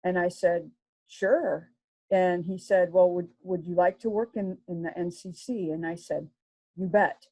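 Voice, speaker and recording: A woman's voice: lowish voice, steady tone, normal speed, warm tone. A middle-aged woman, a sports official telling stories from her career in a chatty way, with many fillers and restarts. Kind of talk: casual storytelling. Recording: dull lo-fi sound.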